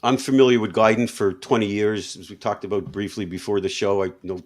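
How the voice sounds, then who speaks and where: Guy co-host, lowish voice, rambles a bit, lots of um. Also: steady tone, brisk. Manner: thoughtful, rambling with fillers. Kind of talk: casual video podcast talk.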